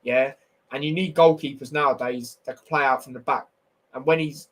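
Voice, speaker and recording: A man's voice: mid-range voice, steady tone, moderate pace, low-quality recording. A young man hosting a casual football review stream, blunt and opinionated with slangy banter. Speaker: football podcast host.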